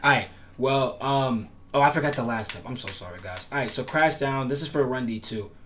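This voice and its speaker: A man with a slightly bright, medium-pitched voice talks a little fast while teaching defensive setups in a casual gameplay tutorial. He repeats himself and makes emphatic promises, his voice cracking occasionally, with slight background noise in the recording.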